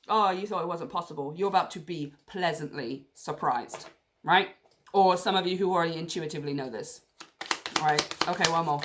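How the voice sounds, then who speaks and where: A woman reading tarot cards to camera in a chatty, gushing way, prone to excited outbursts. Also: mid-range voice, fairly quick. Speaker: tarot reader.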